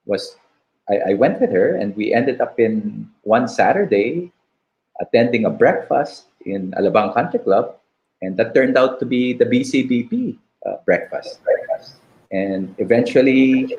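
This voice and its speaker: A man in his fifties with a Filipino English accent, sharing a personal testimony in an interview, reflective and halting. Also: fairly low pitch, darkish tone, highs cut off. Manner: slow and reflective, halting restarts, "diba" tags. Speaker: guest.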